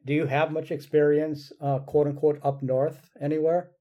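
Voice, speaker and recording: A man's voice: on the high side, level tone, normal speed, lo-fi sound, a crowd in the background. A man hosting a podcast, asking questions in a chatty way and laughing easily. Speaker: podcast host. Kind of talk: casual podcast interview.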